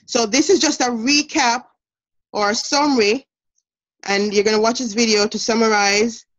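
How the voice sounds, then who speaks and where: A woman's voice: on the high side, fairly even intonation, moderate pace. A woman with a Jamaican accent teaching an online class, giving instructions in an encouraging way with fillers. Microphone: video call. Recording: muffled video call audio.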